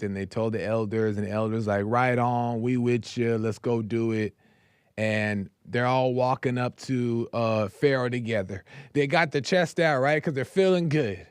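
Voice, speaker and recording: A man's voice: medium pitch, smooth, no room sound, clean studio sound. A man host casually retelling a story in slangy, everyday speech.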